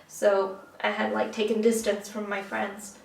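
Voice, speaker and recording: Earnest halting woman in a roomy space. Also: medium pitch, level tone, creaky, slight background noise. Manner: halting, earnest, many fillers and restarts. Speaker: podcast guest. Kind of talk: personal story in conversation. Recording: roomy, distant mic.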